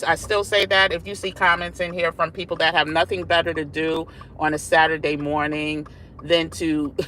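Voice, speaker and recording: A woman hosts a casual vlog live stream while driving, talking straight to her viewers in a sassy, chatty way and calling them "y'all" and "child." Her voice is lowish with a fairly bright tone.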